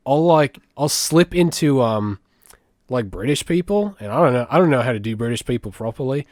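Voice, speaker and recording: A man's voice: mid-range voice, animated, a little fast, darkish tone, no room sound, studio quality. A young man co-hosting a podcast in casual comedic chat, crude and joking, swearing often. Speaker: podcast co-host.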